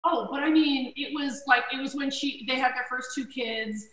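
A middle-aged woman comedian spins stories in a casual chat. Her voice is high and sharp, and she throws herself into other people's voices. She sits back from the mic in a roomy kitchen with faint noise behind her. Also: moderate pace, recorded from a distance. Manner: animated storyteller who acts out quoted voices. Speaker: guest comedian. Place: home kitchen.

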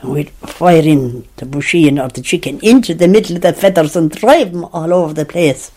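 An older woman with an Irish accent who tells childhood stories in a lively, animated way, laughing and acting out the voices of people she quotes. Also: low-pitched, moderate pace, slightly rough. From Tipperary, Ireland. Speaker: interviewee. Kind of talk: lively storytelling reminiscence.

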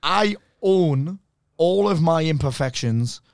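A mindset coach in his 40s chats casually on a podcast in a fairly high, gravelly yet smooth voice, speaking slowly. The studio-quality recording has no echo. He swears freely and tells stories animatedly, acting out the quotes in different voices.

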